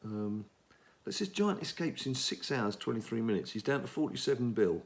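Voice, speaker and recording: A man's voice: mid-range voice, big pitch swings, normal speed. A middle-aged English man giving casual commentary on a mobile game he is playing, rambling and talking to himself as he plays. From England. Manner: chatty, rambling, talks to himself while playing. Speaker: gaming channel host.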